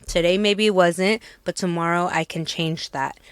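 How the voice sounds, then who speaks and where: A woman's voice: fairly low pitch, steady tone, normal speed, smooth, no room sound. A woman co-hosting a casual podcast, talking candidly and earnestly, often retelling her own conversations. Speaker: podcast co-host.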